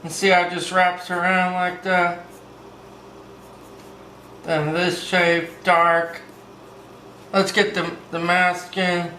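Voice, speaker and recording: A man's voice: sits high, little pitch movement, slow, pauses often, bright, forceful tone, reverberant, a little hiss or hum, low-quality recording. A man hosting a casual step-by-step drawing lesson, upbeat and playful, tossing in "baby" and little sung bits. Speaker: drawing tutorial host.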